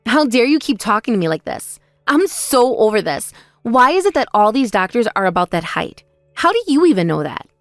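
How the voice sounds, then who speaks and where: A woman's voice: fairly high pitch, very animated, no echo, clean studio sound, faint music behind. A woman voicing a cool, cutting older sister. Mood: exasperated. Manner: measured, pointed, quietly sarcastic. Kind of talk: text-message story voice acting.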